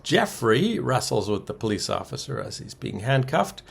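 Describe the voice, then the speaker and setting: A man with a gravelly, slightly husky voice talks through a casual recap. His pitch rises and falls a lot as he drops wry asides and chuckles between the ums. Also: big pitch swings, normal speed. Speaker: podcast co-host recapping a soap opera.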